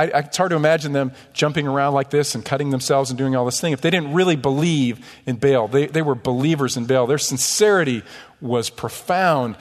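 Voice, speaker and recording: A man preaching a sermon in a church, animated, with mocking asides and rhetorical questions. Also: on the high side, in a large hall. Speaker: pastor. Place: church sanctuary.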